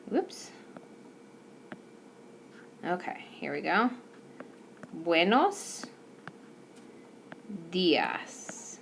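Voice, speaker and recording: A woman's voice: deep voice, creaky, fairly bright tone, a little hiss or hum. A woman teacher explaining a recorded whiteboard lesson patiently, with some fillers. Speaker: Spanish teacher. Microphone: tablet microphone.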